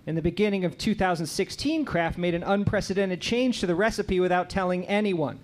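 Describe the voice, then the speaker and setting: A man's voice: high-pitched, brisk, darkish tone. A man hosting a comedy quiz show, reading questions and joking with the players. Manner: playful, joking, reads questions aloud.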